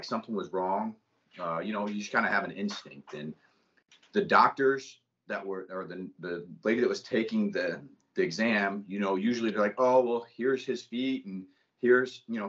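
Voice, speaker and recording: Deep-voiced man, halting and choked up. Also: sharp tone, highs cut off. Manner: halting, choked up, many restarts. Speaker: guest, Marine father. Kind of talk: emotional personal storytelling.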